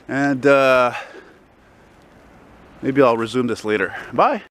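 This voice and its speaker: A man's voice: mid-range voice, animated, normal speed, long pauses, fairly bright tone. Profane ranting man outdoors. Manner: profane, ranting, rambling storyteller. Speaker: vlogger. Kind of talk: casual walking vlog storytelling. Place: outdoors on snowy city streets. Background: faint city traffic.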